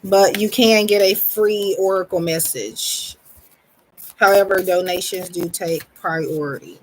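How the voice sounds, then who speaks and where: A woman reading tarot cards on a live stream, talking in a relaxed, rambling way with frequent ums and pausing to greet viewers. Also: on the low side, slight background noise, low-quality recording. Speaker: tarot reader.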